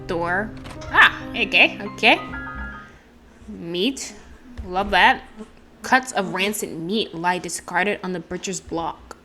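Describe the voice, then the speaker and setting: A woman playing a game, reading its descriptions aloud and thinking through puzzles out loud. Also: mid-range voice, takes it slowly, long pauses. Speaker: let's play gamer. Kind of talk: reading game text and commentary. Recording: game music behind. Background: game music.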